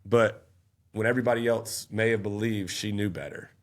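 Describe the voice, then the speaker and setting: A man's voice: on the low side, steady tone, moderate pace. A man, a podcast guest telling his story in an earnest, casual way and getting worked up as he retells events.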